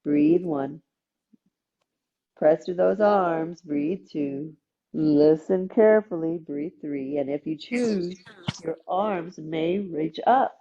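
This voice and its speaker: Woman yoga teacher, chill breath cues, little jokes, kinda husky, muffled recording. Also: low voice, slow. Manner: calm cueing with playful asides. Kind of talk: guided yoga class instruction.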